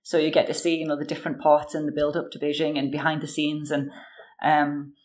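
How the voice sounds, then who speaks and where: A British woman in her thirties talks casually as an interview guest, telling animated stories packed with fillers. Her voice is low-pitched and brisk.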